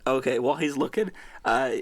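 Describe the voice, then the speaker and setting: A man's voice: medium pitch, fairly quick. A young man co-hosting a casual podcast, telling rambling stories with lots of swearing and laughter. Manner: rambling storyteller, swears a lot, laughs often. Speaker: podcast co-host. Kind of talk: casual chat.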